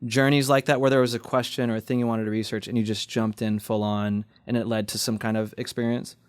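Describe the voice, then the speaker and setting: A young man hosts a casual podcast with a smooth, clear voice. He reflects on his own experiences and backs up his guest with short affirmations. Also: fairly low pitch, flat delivery, fast. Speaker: podcast host.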